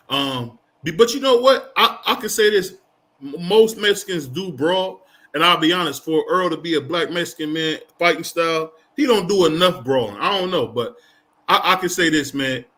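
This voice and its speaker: A man's voice: fairly high pitch, lively intonation, normal speed, sharp tone. A man co-hosting a casual boxing chat stream, laughing often and reading viewer comments aloud. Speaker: co-host.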